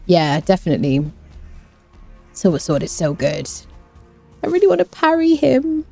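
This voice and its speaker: A woman gaming streamer chats casually as she plays, her voice lowish and mellow but swinging widely in pitch. She rambles, hums little tunes and answers her chat, with faint game music behind her. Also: wildly swooping pitch, moderate pace, vocal fry. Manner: chatty, rambling, hums and scats to herself, reads chat. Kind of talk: casual live-stream chat while playing.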